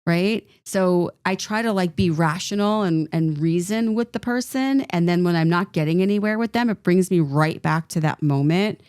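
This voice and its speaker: A woman co-hosting a podcast, telling a personal story in an animated, rambling way with lots of filler words. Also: on the low side, normal speed, few pauses, clean tone, no room sound, clean studio sound. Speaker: podcast co-host. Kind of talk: casual storytelling chat.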